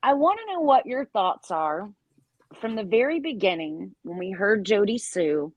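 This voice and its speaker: Blunt, husky woman in her forties. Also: mid-range voice, sing-song, unhurried, no echo, highs cut off. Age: 40s. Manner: joking, crude, blunt. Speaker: panelist. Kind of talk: casual group chat.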